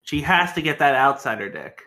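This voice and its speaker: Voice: medium pitch, animated, normal speed, pushed and bright. A podcast co-host riffing on a movie in casual chat with crude, sarcastic jokes.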